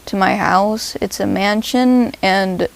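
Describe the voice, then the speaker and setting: A woman telling a rambling, absurd comedic story in a deadpan way. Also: mid-range voice, slow, creaky, rough recording.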